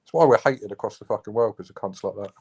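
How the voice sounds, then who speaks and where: A young man chatting on a stream, animated and sweary, calling his friend mate and bro. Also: on the low side, fast talker, husky. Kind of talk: casual live-stream chat.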